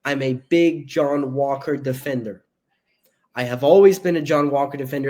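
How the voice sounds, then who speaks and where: A man co-hosting a casual movie podcast, bantering playfully with boastful jokes and quick asides. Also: mid-range voice, a little mellow. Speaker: podcast co-host.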